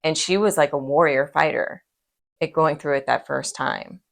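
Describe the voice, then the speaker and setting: Low-voiced woman hosting a heartfelt chat. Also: fairly even intonation, normal speed, gravelly. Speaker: host. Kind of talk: casual conversation about grief.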